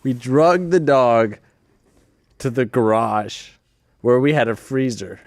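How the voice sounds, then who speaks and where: A man's voice: medium pitch, slow, no echo, studio quality. A man on a podcast talking in a rambling, casual way, laughing at his own stories. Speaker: podcast regular. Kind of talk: casual chat.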